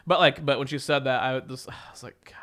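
A man co-hosting a casual chat, telling a story in an animated way and acting out the people in it. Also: medium pitch. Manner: animated storyteller, quick to act out other people.

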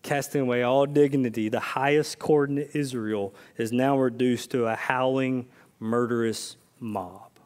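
A male pastor preaching a sermon in a conversational way, swinging between loud, excited bursts and hushed, low asides, with personal stories mixed in. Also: unhurried, clean tone.

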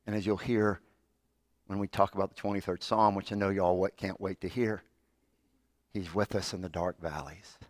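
A man preaching a sermon as a Methodist pastor, telling stories earnestly, building up and then dropping soft. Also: sits low, steady tone, normal speed, no echo. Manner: earnest storytelling, swells louder in stories then drops soft.

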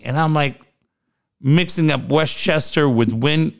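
A man's voice: fairly high pitch, a little slow. A middle-aged man co-hosting a casual talk show, telling stories with swearing and laughing at himself. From Southern California. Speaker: podcast co-host. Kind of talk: casual chat.

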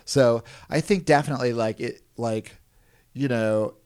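A man's voice: unhurried, darkish tone, clean tone. A man, a clown performer and podcast guest, telling stories in a casual interview. He rambles with many restarts and chuckles. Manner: acts out other people's panicked lines in a higher voice.

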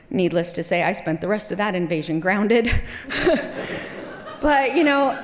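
A middle-aged woman from Kuwait tells a story from her youth on a stage. She has a medium-pitched voice and a wry, lively way of talking that can drop to a quiet, grave tone. Her voice carries the long reverb of a big hall. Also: normal speed. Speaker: speaker telling a personal story.

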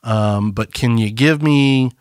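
A man's voice: medium pitch, slow pace, clean tone, no room sound. Wry man co-host, dry close sound. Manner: wry, animated, swears freely. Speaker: podcast co-host. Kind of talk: casual chat.

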